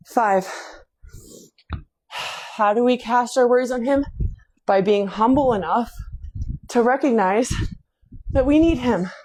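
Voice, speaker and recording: A woman with a fairly high voice leads a home workout at an unhurried pace. She counts reps aloud and chats between sets. She sighs often and sounds a little winded from the exercise. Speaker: fitness instructor and host. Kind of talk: casual workout coaching with faith reflections.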